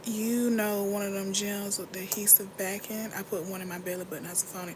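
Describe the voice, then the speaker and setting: A young woman hosting a casual get-ready-with-me livestream, chatting candidly and answering her chat in a rambling, animated way. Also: mid-range voice, a little fast, a little hiss or hum. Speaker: livestream host.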